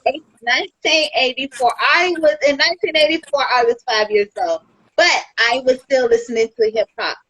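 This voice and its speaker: A woman's voice: high-pitched, normal speed, fairly bright tone, slightly rough, low-quality recording. A woman in her forties with a Chicago accent, hosting a podcast interview politely. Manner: apologetic, polite. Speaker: podcast host. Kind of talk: casual interview chat.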